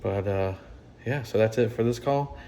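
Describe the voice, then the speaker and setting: A man's voice: fairly low pitch, normal speed, dark tone, a little hiss or hum. A man with a Southern US accent, talking viewers through his work day as an HVAC technician in a casual, plain-spoken way. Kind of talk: casual on-the-job vlog.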